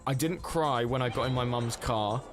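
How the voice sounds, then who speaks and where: A man's voice: mid-range voice, moderate pace, soft background music. A young man streaming a racing game, chatting casually in a rambling, sweary way, often stopping and restarting his sentences. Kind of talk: casual chat while gaming.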